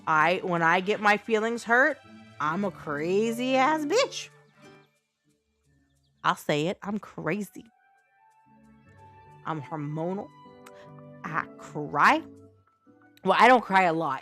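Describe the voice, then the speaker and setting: A woman's voice: mid-range voice, expressive, unhurried, long pauses, bright, forceful tone, soft background music. A woman streaming a game live, talking blunt and unfiltered to her chat and swearing freely.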